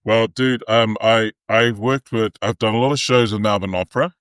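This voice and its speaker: A New man, an opera singer, telling lively backstage anecdotes as a podcast guest and acting out the quotes. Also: fairly low pitch, moderate pace, smooth, no room sound. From New Zealand. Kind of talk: animated storytelling.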